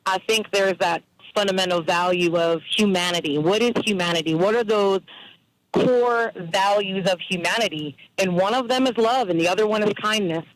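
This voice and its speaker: A man's voice: sits high, moderate pace, fairly bright tone, dry recording, rough recording. A man speaking as a talk show guest, earnest and reflective, building to a hopeful point.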